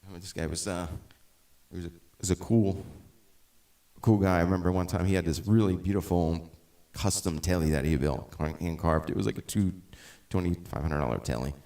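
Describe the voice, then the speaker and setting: A middle-aged man with a very low voice talks casually between songs on a live stream. He rambles, restarts his sentences and drifts off on tangents. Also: moderate pace, vocal fry, dark tone. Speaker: musician and live-stream host.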